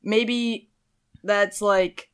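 A woman's voice: medium pitch, fairly even intonation, extremely slow, clear, resonant tone. A young woman co-hosting a casual chat about song lyrics, giggling often and thinking aloud with lots of "like"s. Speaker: podcast co-host.

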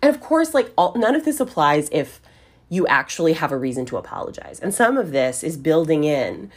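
A woman's voice: low voice, big pitch swings, fairly quick, a little mellow. A woman hosting a solo podcast in a conversational way, often checking in with the listener and swearing casually. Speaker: podcast host.

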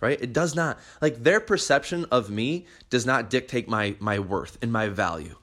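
A man's voice: medium pitch, expressive, moderate pace, fairly bright tone. A young man hosting a podcast, talking bluntly and animatedly, swearing freely as he gives motivational advice. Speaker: podcast host.

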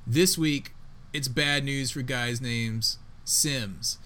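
A man co-hosting a casual sports podcast, talking in an emphatic, excitable way with plenty of slang. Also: medium pitch, drawn-out words. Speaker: podcast co-host.

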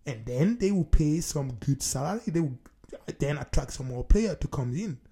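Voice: mid-range voice, animated, normal speed, dark tone, slightly rough. A talk show host giving a solo opinion monologue and talking emphatically, hammering points home by repeating key phrases. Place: based in Scotland.

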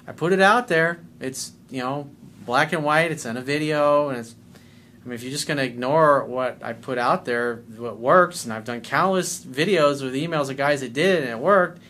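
A man's voice: medium pitch, fairly bright tone, a little hiss or hum. Blunt, profane male dating coach. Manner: acts out quoted lines in a shifted voice. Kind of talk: reading a listener's email with commentary.

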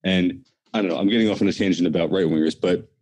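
Deep, fast-talking ranting man. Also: fairly even intonation, darkish tone. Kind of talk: casual political discussion.

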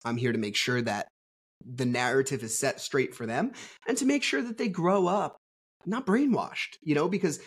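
A man's voice: a little high, moderate pace, slightly rough. A man guest on a podcast, talking casually and bluntly with plenty of swearing, telling his story candidly. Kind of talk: casual conversational interview.

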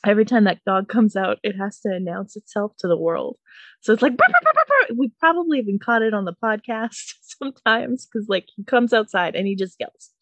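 A woman's voice: mid-range voice, fairly quick, no room sound. Swearing, laughing woman telling a story. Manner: animated, laughing, swears freely, acts out quotes. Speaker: podcast host. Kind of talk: casual storytelling chat.

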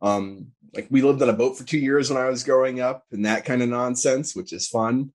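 A young man talking casually as a podcast guest, quick and chatty, with lots of "like" fillers. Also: medium pitch. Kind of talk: casual conversation.

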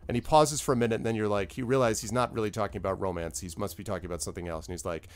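A man's voice: fairly low pitch, steady tone, very fast. A man running a tabletop game as game master, narrating casually with fillers and laughs.

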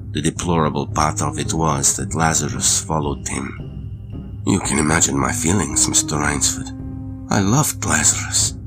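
A man voicing a suave, coldly courteous aristocratic hunter in an audiobook reading, with polite, unhurried menace. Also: very deep voice.

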